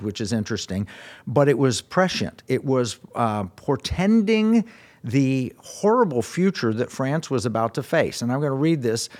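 A man hosting a radio talk show, chatting casually and reading quoted passages aloud with asides. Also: medium pitch.

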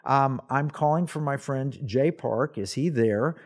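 A man imitating an elderly pastor on the phone, speaking halting, broken English with a Korean accent. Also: medium pitch, darkish tone, close to an everyday voice. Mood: polite. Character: elderly male pastor, polite, phoning long distance.

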